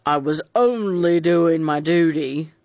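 A man's voice: on the high side, slow pace, vocal fry, darkish tone, dry recording. A man voicing a former male police inspector with a hearty, bullying and sulky manner. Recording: dull, dry lo-fi recording.

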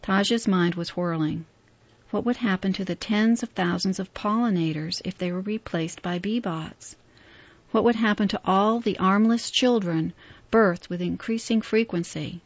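A woman narrates a story aloud in a steady, measured voice. The recording sounds dry and slightly muffled, a plain lo-fi capture. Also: mid-range voice, no room sound. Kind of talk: audiobook narration.

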